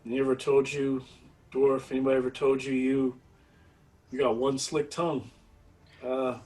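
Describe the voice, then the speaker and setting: A jittery, underpaid town guard, as a man puts him on, begging not to be harmed and wavering over his post. He speaks in an ordinary mid-pitched voice. It sounds a little distant from the microphone. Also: flat delivery, normal speed, a little mellow, natural voice. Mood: wary. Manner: nervous, pleading, hesitant. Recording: voice somewhat far from the mic.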